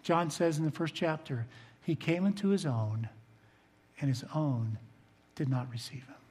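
An older man, a pastor preaching a sermon to his congregation, earnest, swinging between loud emphasis and soft low asides. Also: measured pace, slightly rough. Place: church sanctuary. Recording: long reverb of a large hall.

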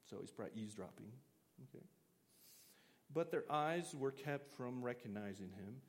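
Conversational preacher with hall reverb. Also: male voice, mid-range voice, expressive, moderate pace. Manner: conversational, asks the audience questions. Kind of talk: interactive sermon.

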